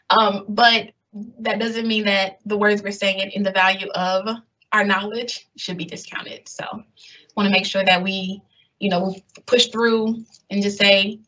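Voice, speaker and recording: A woman's voice: mid-range voice, fairly even intonation, moderate pace, sharp tone. Southern woman on a dull call line. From American South. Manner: casual, friendly, says like and y'all. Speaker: webinar panelist. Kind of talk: webinar discussion. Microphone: video call.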